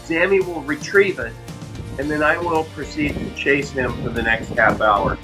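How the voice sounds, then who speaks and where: A man's voice: on the high side, normal speed, music in the background. A middle-aged man telling heartfelt personal stories about his dog, earnestly repeating key phrases for emphasis. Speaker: dog owner and vlogger.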